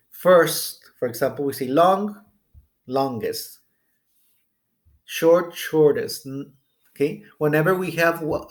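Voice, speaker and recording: A man with an American accent explaining English grammar and numbers in a recorded lesson, often checking in with "okay?". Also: fairly high pitch. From United States. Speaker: English teacher.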